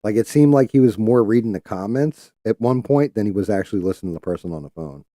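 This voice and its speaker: Man, dark mellow voice, casual profane rant. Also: lowish voice, lively intonation, fast, no echo, studio quality. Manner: profane, heated, mocking quoted callers. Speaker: livestream host. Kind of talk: casual ranting chat. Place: home streaming setup.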